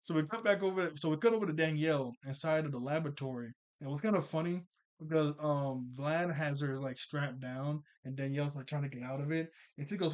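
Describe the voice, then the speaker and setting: A man casually recapping a cartoon episode, rambling and chatty, full of filler words and quick self-corrections. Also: a little high.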